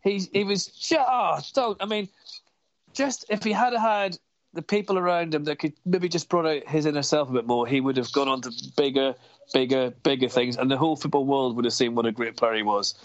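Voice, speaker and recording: A man's voice: a little high, a little fast, dry recording. A man chatting about football in a passionate, rambling way, swearing and getting carried away, heard over a video call. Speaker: podcast guest. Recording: dull lo-fi video call audio.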